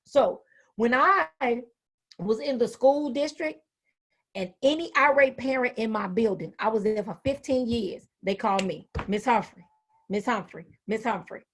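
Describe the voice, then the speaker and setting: A woman in her fifties with a bright, high voice speaks to a room of educators. She is animated and folksy, and she slips quoted characters into her talk. Her delivery is plain-spoken and punchy. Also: a little slow. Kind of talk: motivational talk.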